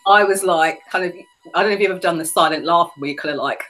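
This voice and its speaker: Female podcast host, slightly low pitch, reflective storyteller. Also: fast talker, a bit bright, poor audio. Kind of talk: conversational interview.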